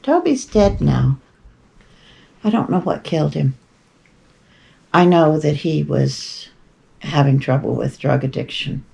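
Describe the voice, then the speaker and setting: A woman's voice: low voice, animated, slow, gravelly, long pauses, darkish tone. An older woman hosting a show, telling rambling, chatty stories with wry asides and frequent digressions. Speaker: podcast host. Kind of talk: rambling casual storytelling.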